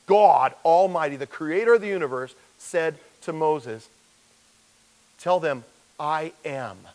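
A man's voice: on the high side, rough recording. A man as pastor, teaching a verse-by-verse sermon in a conversational way and acting out the voices he quotes.

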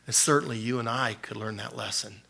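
A male pastor with a bright, forceful voice preaches a sermon. He talks in a relaxed, conversational way and laughs often. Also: mid-range voice, brisk, gravelly, slightly rough. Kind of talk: sermon teaching.

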